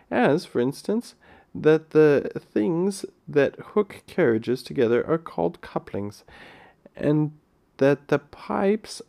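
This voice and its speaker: A man reading a children's novel aloud in an unhurried way, with small stumbles along the way. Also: a little high, creaky, warm tone. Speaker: audiobook reader.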